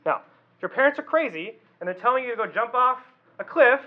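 A youth pastor with a high, expressive voice delivers a loose, talky sermon a little fast, regularly checking in with listeners by asking them questions. The audio is somewhat dull and lo-fi.

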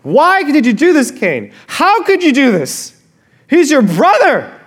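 A man's voice: very high-pitched, huge pitch swings, unhurried, pitched above the performer's own voice, exaggerated voice. A man voicing grieving parents who cry out in anguish over their dead son, in a sermon. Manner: anguished, pleading questions.

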